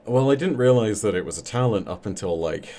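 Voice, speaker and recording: A man being interviewed as a guest on a podcast. He talks reflectively about how he came to storytelling, with a measured delivery and many fillers. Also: lowish voice, lively intonation, dark tone, slight background noise.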